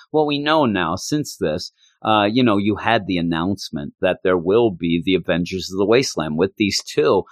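A man's voice: low voice, animated, normal speed, dry recording, clean studio sound. A man co-hosting a podcast, chatting casually and emotionally about a comic book, often restarting his sentences. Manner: earnest, emotional, talks with repeated restarts. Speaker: podcast co-host.

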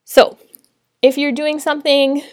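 A woman's voice: high voice, flat delivery, a little slow, no echo, clean studio sound. A woman sharing practical tips on teaching online, in a friendly, conversational way with light laughs. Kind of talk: casual teaching tips to camera.

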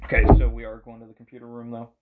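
A man's voice: medium pitch, completely flat delivery, racing, very noisy. Crude, joking man reading a gamebook. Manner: crude, joking, reads story passages aloud. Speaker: podcast co-host reading a gamebook. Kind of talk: casual game-night podcast banter. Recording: muffled lo-fi audio.

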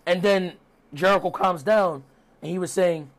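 A man's voice: high voice, normal speed. Chatty man recapping casually. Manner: rambling, chatty storytelling. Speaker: podcast host reviewing wrestling.

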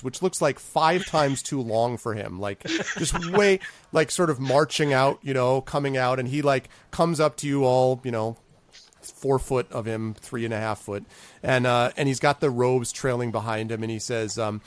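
A man's voice: mid-range voice, normal speed, no room sound. A man working as game master, narrating a tabletop game in a rambling, playful way. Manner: rambling with many fillers and restarts, playful.

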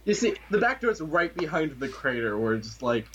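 A man's voice: on the high side, big pitch swings, fairly quick, fairly bright tone. A man narrating a tabletop game as its game master, hesitating often with ums and uhs. His voice comes through slightly muffled, with a faint room hiss underneath. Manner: hesitant, many fillers.

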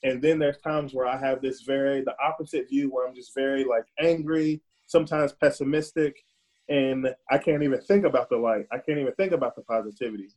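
Husky, mellow-voiced man. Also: mid-range voice, brisk. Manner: earnest, repeats words while searching for them. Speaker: podcast guest. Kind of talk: conversational, reflective monologue.

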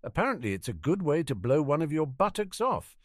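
A man's voice: a little high, big pitch swings, a little fast, dry recording, voice pushed up. A man reading out a dry, teasing young man's birthday note to his brother.

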